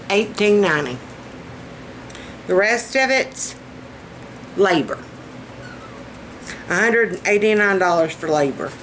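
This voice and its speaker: Woman, Southern US accent, vlogger, folksy and chatty, slow talker, noisy background. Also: mid-range voice, fairly bright tone. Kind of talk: casual chat to camera.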